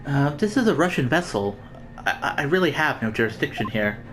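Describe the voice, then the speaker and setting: A woman voicing a formal, polite male inspector, measured and apologetic. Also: extremely low pitch, very animated, over music, pitched below the performer's own voice.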